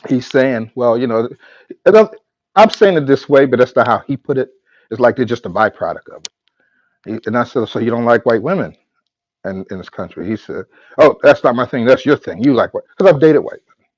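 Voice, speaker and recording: A man's voice: mid-range voice, animated, dry recording, highs cut off. A man hosting a podcast and recounting a conversation in a casual monologue. He stops and restarts his sentences often and acts out both sides of the exchange. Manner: halting, repeats words and restarts often. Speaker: podcast host.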